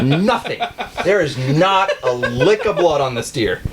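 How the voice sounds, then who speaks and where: A man telling a hunting story in casual chat, animated and laughing often as he acts out what people said. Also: a little high, measured pace, a little hiss or hum.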